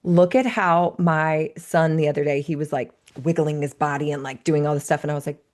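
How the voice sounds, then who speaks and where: A woman's voice: deep voice, level tone, fast talker, hardly any pauses, a little mellow. A woman in her thirties, a life coach and podcast guest, speaking in an earnest, reflective way. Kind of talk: conversational interview.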